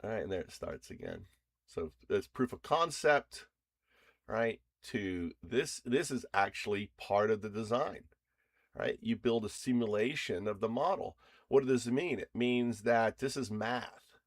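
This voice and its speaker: A man casually walking through a screen demo of his own framework, loose and rambling with restarts and chuckles, bursting into excited energy at times. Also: fairly low pitch, unhurried, dry recording, studio quality. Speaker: founder presenting his own startup framework.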